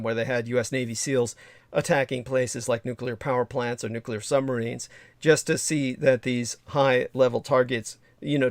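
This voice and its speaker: A man's voice: mid-range voice, vocal fry, no echo, clean studio sound. A sleep-deprived man hosting a casual livestream chat, rambling with lots of fillers and restarts. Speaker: livestream host.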